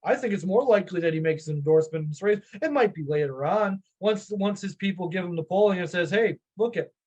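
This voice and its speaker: High-voiced man with a Chicago accent. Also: lively intonation, quick pace, a little mellow, highs cut off. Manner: chatty, musing, self-questioning. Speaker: panelist. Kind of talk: casual political discussion.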